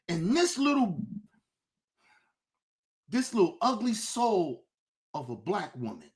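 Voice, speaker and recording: A man hosting his own show, delivering an impassioned, profane commentary rant that swings between shouting and low, intense talk. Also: wildly swooping pitch, slow, long pauses. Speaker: show host.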